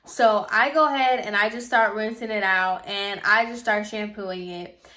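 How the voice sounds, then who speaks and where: A woman's voice: medium pitch, steady tone, normal speed, bright, forceful tone. A woman in her twenties, a hairstylist telling a casual storytime, chatty and full of "like" fillers. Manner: chatty, filler-heavy with frequent "like".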